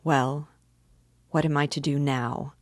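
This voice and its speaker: A woman's voice: deep voice, fairly even intonation, slow, no room sound. Woman reading as Raskolnikov, bitter young killer. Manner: anguished, bitter pleading. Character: tormented young male murderer, bitter and defiant.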